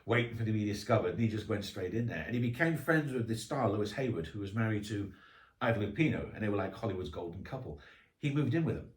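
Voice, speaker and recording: A man's voice: fairly low pitch, animated, fast. A man who is a guest author, telling anecdotes in a chatty, casual interview. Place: podcast recording room. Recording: roomy echo.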